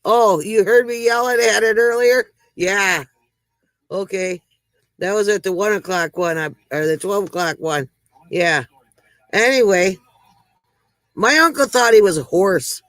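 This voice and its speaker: A woman's voice: medium pitch, measured pace, long pauses, fairly bright tone, dry recording, rough recording. A woman hosting a casual livestream, chatting with viewers, greeting them by name and telling corny jokes. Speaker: livestream host.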